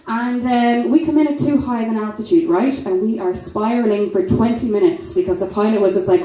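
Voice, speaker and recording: A woman's voice: medium pitch, normal speed, hardly any pauses, mellow, a little hiss or hum. A young Irish woman doing a stand-up comedy set, brash and sweary, often laughing at her own jokes. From Ireland. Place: comedy club stage. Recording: roomy club sound from far off.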